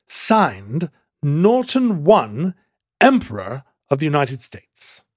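A man with a high-pitched, darkish voice and lively intonation plays a grandiose self-declared emperor, reading a formal proclamation in a vague, made-up accent. The comic reading is quick, pompous and proclaiming, recorded at studio quality with no echo.

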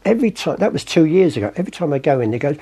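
A man's voice: on the high side, very animated, very fast, warm tone, slightly rough. An older man from England, a chatty raconteur telling anecdotes in an interview and acting out the voices in his stories. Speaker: artist and storyteller guest.

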